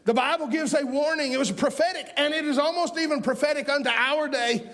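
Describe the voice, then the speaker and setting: Brief: man in his forties, very high voice, folksy preacher who builds to shouting. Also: fairly quick. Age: 40s. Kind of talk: fiery sermon.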